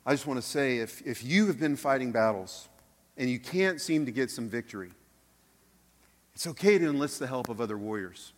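A man preaching a sermon as pastor, earnest, dropping soft and then rising loud. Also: medium pitch, expressive, normal speed. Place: church sanctuary. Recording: long hall reverb.

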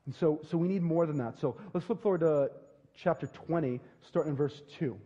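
A man preaching a sermon, telling a story with lively, acted-out dialogue. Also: a little high, brisk. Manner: animated storytelling, acting out dialogue in lively voices. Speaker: pastor. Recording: dull lo-fi sound with long hall reverb.

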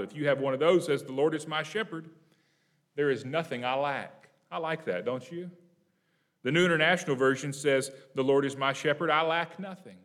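A man preaching an evening Bible lesson, talking to the congregation in a relaxed, conversational way, asking them questions and reading verses slowly for emphasis. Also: mid-range voice. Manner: reads scripture slowly and emphatically.

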